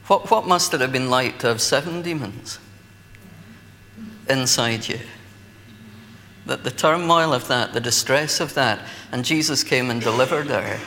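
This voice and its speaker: A man's voice: mid-range voice, unhurried, pauses often, pushed and bright, slight background noise. A Scottish man preaching a sermon, telling stories in a conversational way with light laughter. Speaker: pastor. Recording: long hall reverb, faint ambience.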